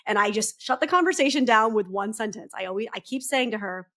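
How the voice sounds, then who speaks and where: A woman co-hosting a podcast in casual chat, thinking out loud with many fillers. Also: on the high side, lively intonation, quick pace. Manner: reflective, talks things through with many fillers. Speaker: podcast co-host.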